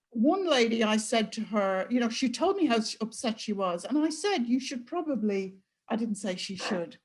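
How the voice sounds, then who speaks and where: A woman with a British accent, a webinar participant, talking in a rambling, hesitant and frank way over a video call. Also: a little high.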